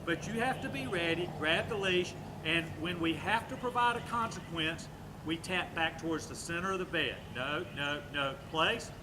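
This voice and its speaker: A man working as a dog trainer, calmly explaining a training demonstration and giving short, firm commands to a dog. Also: fairly high pitch, moderate pace, noisy background.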